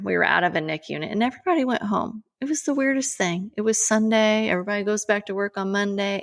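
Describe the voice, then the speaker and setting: A woman in her forties, a podcast co-host, telling a personal story in an emphatic, animated way. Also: medium pitch, creaky.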